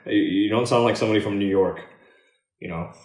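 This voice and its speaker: A man's voice: on the low side, moderate pace, a little mellow, roomy sound. A man hosting a casual live-stream chat, talking in a laid-back, encouraging way, calling people "dude" and swearing freely. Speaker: host.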